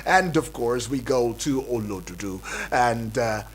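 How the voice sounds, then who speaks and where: A man with a Nigerian accent hosting a breakfast radio show, hyping up listeners with repetitive, energetic patter from the studio. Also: mid-range voice, a little slow. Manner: hype-building, repetitive, calls out to listeners.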